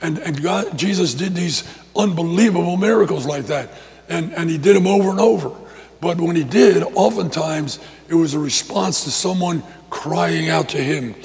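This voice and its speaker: Gravelly-voiced male pastor preaching. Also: on the high side, moderate pace, long reverb tail, crowd noise. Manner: animated storytelling with repetitions and restarts. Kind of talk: sermon.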